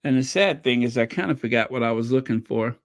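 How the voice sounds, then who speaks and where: A woman from a Caribbean island hosting a casual livestream, chatty and excitable as she thanks her viewers. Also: extremely low pitch, quick pace. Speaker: livestream host.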